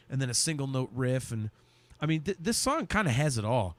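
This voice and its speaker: Relaxed man in podcast chat. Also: mid-range voice, brisk. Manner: relaxed, enthusiastic, drops in fillers. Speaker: podcast host. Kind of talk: casual chat.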